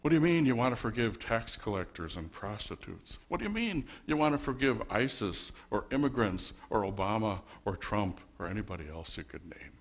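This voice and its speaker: A male pastor delivers a sermon in a low voice. He keeps it wry and conversational and works the congregation with rhetorical questions. He speaks from a church sanctuary. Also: sing-song, brisk, hardly any pauses.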